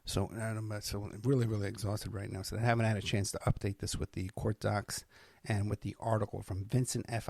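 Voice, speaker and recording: A man's voice: mid-range voice, gravelly, no echo, clean studio sound. A tired, middle-aged man, hosting a podcast in a rambling casual monologue full of fillers and restarts. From New York. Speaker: podcast host.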